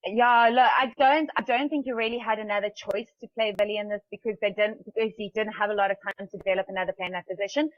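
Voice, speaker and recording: A woman's voice: medium pitch, fairly even intonation, fast talker, hardly any pauses, no room sound, highs cut off. A woman co-hosting a sports talk show, making her case in a matter-of-fact, confident way. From South Africa.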